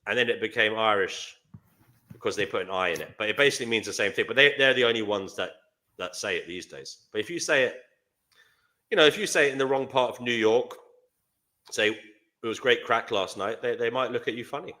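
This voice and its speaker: A man hosting a live online panel discussion, chatting in a rambling way with quick asides. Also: lowish voice, pushed and bright. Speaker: host.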